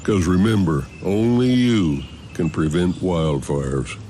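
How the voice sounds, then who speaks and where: Smokey Bear, deep and grave. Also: male voice, dark tone. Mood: solemn. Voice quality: deep, slow and solemn. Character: Smokey Bear, big calm male bear mascot. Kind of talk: radio ad acting. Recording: distant voice over noise.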